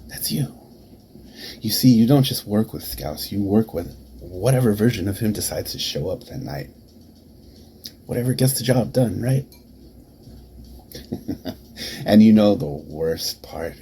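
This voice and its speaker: A man cutting a taunting wrestling promo, dropping to hushed whispers and then rising to shouts. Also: low-pitched, lively intonation, normal speed, long pauses, slight background noise. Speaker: promo performer.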